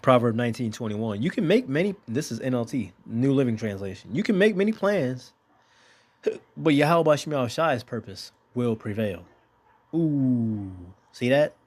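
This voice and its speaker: A man's voice: mid-range voice, big pitch swings, normal speed, darkish tone. A man teaching from the Bible in a casual, blunt way, reading verses aloud, swearing freely, and asking rhetorical questions. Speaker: preacher teaching scripture.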